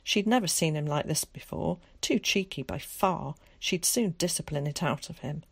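A woman narrating a storybook in a calm, measured way. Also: low-pitched, gravelly, slightly rough, no echo. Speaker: audiobook narrator.

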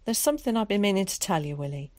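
A woman's voice: medium pitch, very animated, rapid-fire, a little mellow, no room sound, natural voice. Woman playing a stern, pious, suspicious mother. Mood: forced sweet. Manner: clipped, reproachful, preachy.

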